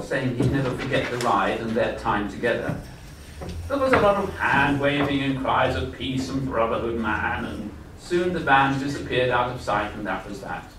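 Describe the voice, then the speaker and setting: Earnest man reading a story aloud. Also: medium pitch. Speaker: author reading his story. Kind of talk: live reading of a first-person story. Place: festival event hall. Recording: echoey hall, far mic, background noise.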